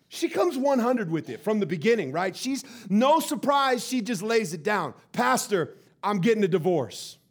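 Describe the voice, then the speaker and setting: A male pastor with a high-pitched voice, preaching to his church in an animated storytelling manner. He tumbles over repeated words and restarts as he tells his tale. His voice lifts brightly above the usual male range. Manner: animated, stammering repetitions. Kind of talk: sermon storytelling.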